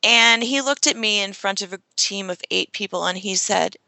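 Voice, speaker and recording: A woman who works as a social media strategist appears as an interview guest, telling a personal story earnestly and emotionally with frequent fillers. Her mid-range voice is gravelly and sharp, at a moderate pace with few pauses, and there is no room sound.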